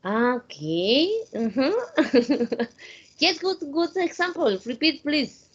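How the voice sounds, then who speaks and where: A woman's voice: high voice, big pitch swings, drawn-out words, husky. A woman English teacher with a Spanish accent, running a class and mixing simple English with Spanish. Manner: switches between simple English and Spanish, encouraging. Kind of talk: online class instruction. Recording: dull, lo-fi online call audio.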